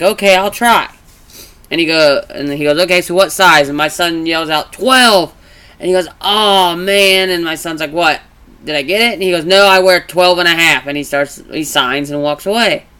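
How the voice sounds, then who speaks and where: Man, casual vlog chat, rambling, bright voice, smooth clear tone. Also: fairly high pitch. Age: adult. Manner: rambling, restarts, animated when retelling. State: congested from allergies. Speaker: vlogger.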